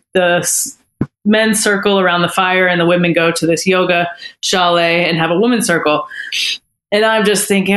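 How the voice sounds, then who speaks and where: A woman guest on a podcast, telling a personal story in a candid, heartfelt way with frequent pauses and restarts. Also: lowish voice, a bit bright.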